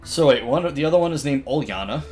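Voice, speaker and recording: A man's voice: medium pitch, expressive, fast talker, darkish tone, soft background music. A man streaming a visual novel, reading its lines aloud in a playful, joking way. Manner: playful, reads lines with mock voices and laughs. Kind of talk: let's play commentary, reading game text aloud.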